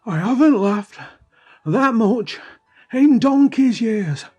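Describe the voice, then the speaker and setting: Narrator doing a loud high-pitched punter guy, stretched out and giddy. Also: animated, takes it slowly, breathy edge, dull audio, soft background music, full character voice. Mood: delighted. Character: delighted male club punter, laughing hard.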